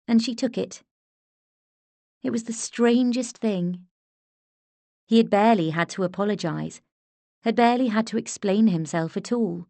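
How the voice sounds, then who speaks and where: A woman reads a romance novel aloud in scripted narration, measured and steady. Her voice sits on the low side, and the recording is close and dry with no room sound. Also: dry recording. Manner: even, measured storytelling. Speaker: audiobook narrator.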